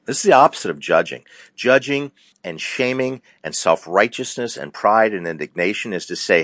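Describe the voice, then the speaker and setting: A middle-aged man, a counselor, talking earnestly in a preacher-like way, slowing down and speeding up for emphasis. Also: fairly low pitch, animated, a bit bright, dry recording, clean studio sound. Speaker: counselor, show guest. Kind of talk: casual faith-based talk.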